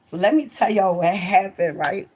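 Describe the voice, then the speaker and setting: Mid-pitched and at a normal speed, a woman livestreamer shares stories from past jobs in a casual, foul-mouthed way, with a little hiss or hum in the audio. She talks straight to her viewers a lot and turns loud and excited at the story's climax.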